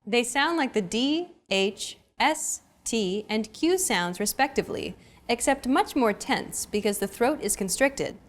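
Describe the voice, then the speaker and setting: A young adult woman hosting a language lesson, speaking in an upbeat, clear teaching manner. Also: a little high, lively intonation, unhurried. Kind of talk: scripted instructional narration.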